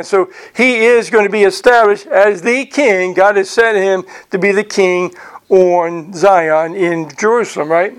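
Speaking in a high, clean-toned voice, a middle-aged pastor delivers a sermon in a conversational way. He keeps tossing in "right?" and slows down to read scripture aloud.

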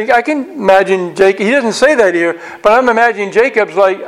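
Bible teacher, man, high voice, lively verse-by-verse teaching with quick restarts. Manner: animated, acts out characters' reactions; frequent restarts and repeated words.

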